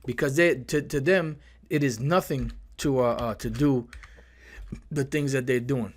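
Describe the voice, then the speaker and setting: A man's voice: medium pitch, unhurried. A man preaching angrily from scripture, swearing hard and stumbling over repeated words as he drives each point home. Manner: fiery, profane, repeats words while building a point. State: angry. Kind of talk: angry scripture commentary.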